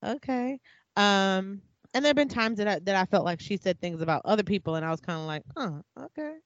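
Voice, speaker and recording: A woman's voice: medium pitch, fast talker, no room sound. A woman talking candidly and reflectively in a casual conversation, often stopping to restart her sentences. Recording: slightly dull dry sound.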